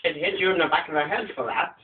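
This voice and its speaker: A man's voice: on the high side, quick pace, natural voice. A young man playing a snobbish, rude rich boy in an amateur skit, drawling his insults. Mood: insulting. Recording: tinny lo-fi home video with faint hiss.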